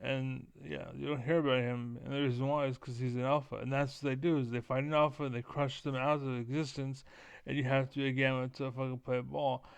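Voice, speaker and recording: Gravelly, flat-voiced man ranting profanely. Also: medium pitch, fairly quick, no room sound. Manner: rambling, profane, keeps repeating filler words; frequent throat clearing. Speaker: streamer. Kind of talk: casual rant to camera.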